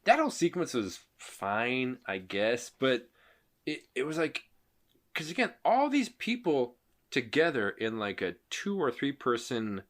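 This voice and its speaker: A man co-hosting a podcast, chatting casually about a movie in a rambling way full of "like". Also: unhurried. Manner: rambling, lots of "like", animated swings in pitch. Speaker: podcast co-host.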